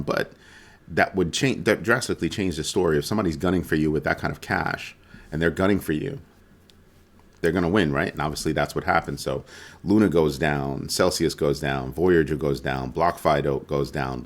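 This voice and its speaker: A man hosting a casual weekly crypto roundup, talking loosely and conversationally with frequent ums and self-corrections. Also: very deep voice. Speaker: crypto video host.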